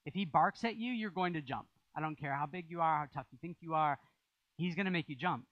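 A man's voice: fairly high pitch, brisk, no echo, highs cut off. A man preaching a sermon as pastor, in a conversational style with rising emphasis.

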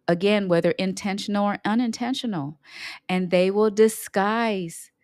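A middle-aged woman, an emotional intelligence coach, talking on her own podcast, unhurried, repeating her points for emphasis. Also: mid-range voice, darkish tone, no echo, studio quality. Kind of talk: solo podcast talk.

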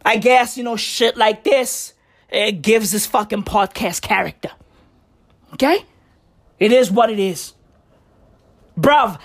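A woman hosting a solo podcast, ranting in a profane, exasperated way full of slang. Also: a little high. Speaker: podcast host. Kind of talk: casual solo podcast rant.

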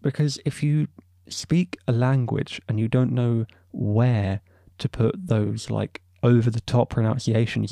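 Gravelly young man ranting casually. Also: mid-range voice, dark tone, dry recording. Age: young adult. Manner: rambling and opinionated, with many asides. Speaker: podcast host. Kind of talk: casual opinion monologue.

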